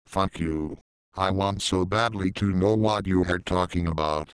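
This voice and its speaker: A man's voice: low voice, measured pace, clean tone, dry recording. A man reading the lines of a puzzled, earnest young woman in a story. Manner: earnest, puzzled, plain-spoken. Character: bewildered young woman, the narrator's girlfriend.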